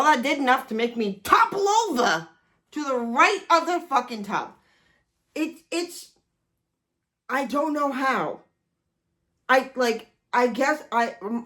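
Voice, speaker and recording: A woman's voice: high-pitched, a bit bright. A woman in her forties telling a personal story in a casual vlog, self-deprecating and swearing often. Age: 40s. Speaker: vlogger.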